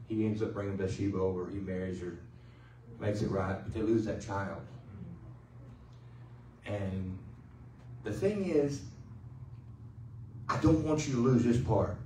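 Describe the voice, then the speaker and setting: A man's voice: lowish voice, mellow, recorded from a distance, a little hiss or hum. Preaching man in an echoey church. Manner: conversational, joking, with call-and-response. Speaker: pastor. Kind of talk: sermon. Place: church sanctuary.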